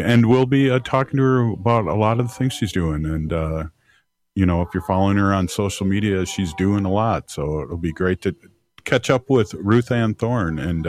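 A man's voice: low-pitched, a little mellow. A man co-hosting a community radio show, talking in an easygoing way with many fillers. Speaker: radio co-host. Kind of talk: casual radio chat.

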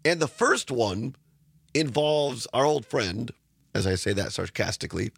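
A middle-aged man hosting a radio talk show, hoarse and raspy from sinus trouble, rambling and repeating words as he talks. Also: a little high, animated, moderate pace, fairly bright tone, dry recording, clean studio sound. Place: radio studio. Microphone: studio microphone.

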